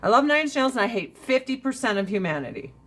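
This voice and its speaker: A woman's voice: fairly high pitch, big pitch swings, fast, fairly bright tone. A woman in her forties chatting casually with viewers on a livestream, brash and profane, ranting and laughing often. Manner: laughs often between lines.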